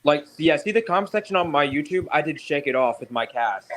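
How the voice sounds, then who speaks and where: A man chatting casually and eagerly, jumping in with quick remarks. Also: fairly high pitch, expressive, a bit bright, slight background noise. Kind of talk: casual chat.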